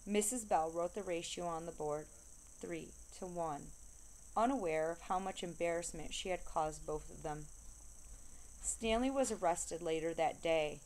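A woman reading a children's novel aloud, steady storytelling that slows down to stress repeated refrains. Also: lowish voice. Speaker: reader.

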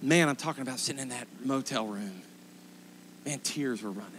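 A man's voice: medium pitch, fairly quick, a little hiss or hum. Man preaching an emphatic sermon. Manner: emphatic storytelling, rising to loud impassioned pleas. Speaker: pastor. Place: church sanctuary.

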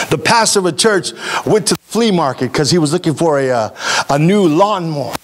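A male pastor preaches with a high, lively voice that rises and falls with strong emphasis. He talks straight to the congregation, asking them questions and urging them on. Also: fairly quick. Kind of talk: sermon.

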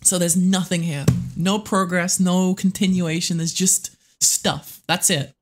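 Young streamer yapping at chat mid-game, swears a lot, keeps restarting sentences, middling pitch. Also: a little slow, faint music behind. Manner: excitable and swearing, chatting with viewers; rambling with frequent restarts and self-talk. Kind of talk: live game-stream commentary.

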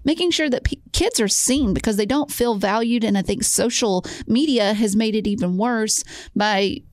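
A woman's voice: a little high, moderate pace, no echo, studio quality. A woman co-hosting a faith talk show, speaking earnestly with frequent restarts and emphatic points. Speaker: co-host.

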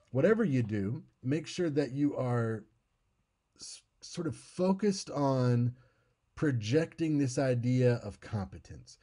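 Mellow-voiced American man teaching speaking. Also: medium pitch. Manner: conversational, demonstrative, repeats key points. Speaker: public speaking instructor. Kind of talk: informal lecture.

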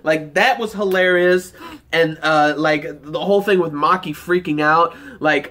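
A man's voice: fairly high pitch, fairly even intonation, measured pace, fairly bright tone. A man giving a casual, rambling, enthusiastic episode review, with lots of "like" fillers. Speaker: anime reaction reviewer.

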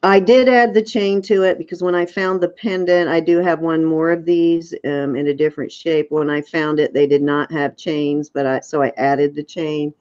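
A woman's voice: low voice, fairly even intonation, normal speed, few pauses, darkish tone, clean tone. A woman selling on a live auction, describing each piece in chatty detail with frequent ums. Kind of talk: casual item descriptions. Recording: dull lo-fi sound.

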